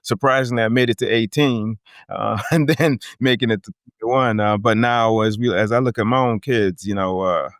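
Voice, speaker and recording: A man from Jamaica with a light Jamaican accent chats easily as a podcast guest and laughs often. His voice is low and smooth. The sound is close and dry. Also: moderate pace, fairly bright tone, dry recording. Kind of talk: casual interview chat.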